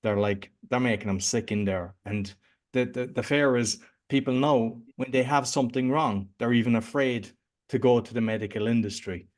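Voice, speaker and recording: Irish male host, loose chatty delivery, mid-pitched everyday voice. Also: fairly even intonation, moderate pace, a little mellow. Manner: chatty and rambling, loose informal phrasing. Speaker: podcast host. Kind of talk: casual interview chat.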